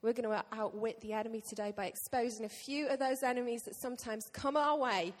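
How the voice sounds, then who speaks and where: A woman pastor preaching a sermon to her church, lively and joking with the congregation. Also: a little high, quick pace. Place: church hall. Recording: long reverb of a church hall.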